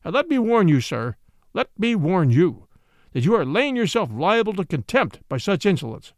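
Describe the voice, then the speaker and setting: A man's voice: high voice, huge pitch swings, moderate pace, no echo, studio quality, heavily acted. A man reading aloud and voicing a blustering, bullying small-town judge who roars and scolds fiercely. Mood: outraged.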